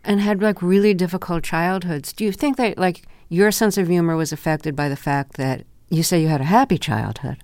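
A woman interviewing a guest, asking measured questions with a dry wit. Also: lowish voice, a little mellow, no room sound.

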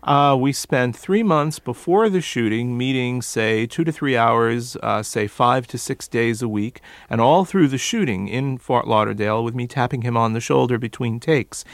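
A man's voice: medium pitch, normal speed, few pauses, no room sound. Man explaining as a dialect coach. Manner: explanatory, detailed. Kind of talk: interview answers.

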